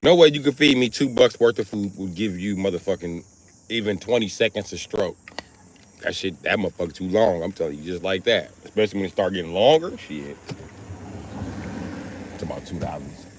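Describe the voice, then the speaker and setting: A man hosting a livestream, riffing through a crude comedic monologue and jumping into high put-on voices for quotes. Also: a little fast, a little hiss or hum. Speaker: livestream host.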